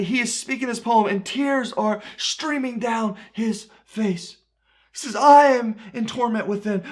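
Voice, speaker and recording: A man preaching as a pastor, reading scripture with deep feeling, swinging between loud outbursts and hushed, sorrowful passages, and often asking "right?". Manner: impassioned, frequently asks "right?".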